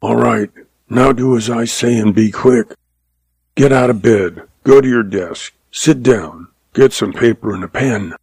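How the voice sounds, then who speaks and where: A man voicing a gruff cowboy outlaw with a hoarse, croaking voice and clipped, threatening commands. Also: mid-range voice, a little slow, darkish tone, dry recording.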